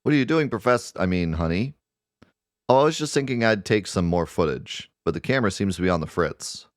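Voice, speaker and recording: A man's voice: deep voice, animated, fairly quick, no echo, studio quality. A man voicing a doting, loving middle-aged professor and father, reading game dialogue aloud.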